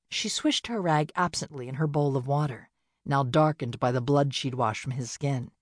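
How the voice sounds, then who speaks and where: A woman narrating a novel in a steady, measured storytelling voice. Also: very deep voice, no room sound, clean studio sound. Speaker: audiobook narrator. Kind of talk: scripted narration.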